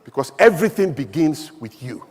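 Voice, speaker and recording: A man's voice: a little high, sing-song, moderate pace, a little mellow. A man with a Nigerian accent giving an emphatic, rhetorical public speech to a live audience, telling stories to make his points. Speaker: guest speaker. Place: large hall before a live audience. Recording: echoey hall with long reverb.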